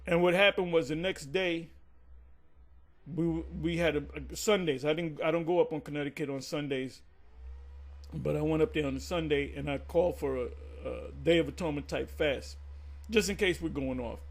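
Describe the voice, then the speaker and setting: A man casually recounting a past church conflict, animated and swearing freely, acting out the others' lines in a raised voice. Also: a little high, moderate pace. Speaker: teacher recounting church history. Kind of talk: casual storytelling monologue.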